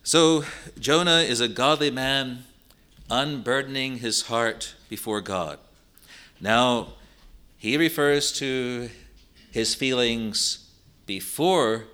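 A man's voice: mid-range voice, sharp tone. A man preaching a sermon, explaining a Bible passage earnestly and driving points home through repetition. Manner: slow, earnest Bible exposition with emphatic repetition.

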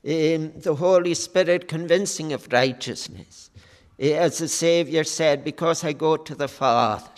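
A man preaching a sermon, with a high voice and a slow, measured delivery, pausing on fillers as he goes. His words ring with the long reverb of a church hall.

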